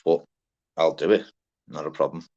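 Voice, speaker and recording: A man's voice: a bass voice, level tone, normal speed, creaky, darkish tone, husky. A young Scouse man hosting a casual livestream, chatty and sweary, greeting viewers by name. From Liverpool, England. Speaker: livestream panel host. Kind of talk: casual live chat. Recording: dull lo-fi stream audio.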